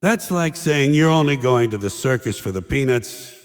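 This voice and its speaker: A man's voice: medium pitch, lively intonation, normal speed. An older man delivering a sardonic stand-up monologue, mocking and ranting in punchy short lines. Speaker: stand-up comedian. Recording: long hall reverb.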